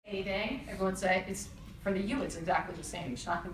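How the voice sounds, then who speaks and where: Woman teaching a safety class, calm and explaining, mid pitch, echoey room, mic far off. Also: fast talker, a little hiss or hum. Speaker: safety instructor. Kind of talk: interactive workshop teaching.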